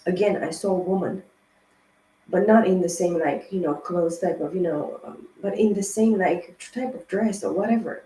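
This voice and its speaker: Mellow-voiced woman giving a rambling tarot reading. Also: fairly low pitch, normal speed. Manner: rambling, emphatic and profane. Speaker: tarot card reader. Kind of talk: casual tarot reading monologue. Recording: roomy echo.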